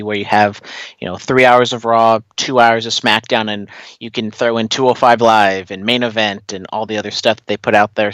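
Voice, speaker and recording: Male co-host, average pitch, rambly and unhurried, recorded dry. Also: a bit bright, clear, resonant tone, no room sound. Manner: rambling, many "you know" fillers and restarts. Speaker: podcast co-host. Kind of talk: casual wrestling podcast chat.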